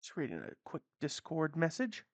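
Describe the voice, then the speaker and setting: A woman gives offhand, wry gaming commentary in a lowish voice that moves with lively swings. She talks slowly, and the recording is dry and close. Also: dry recording. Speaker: let's-play gamer. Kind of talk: casual commentary over gameplay.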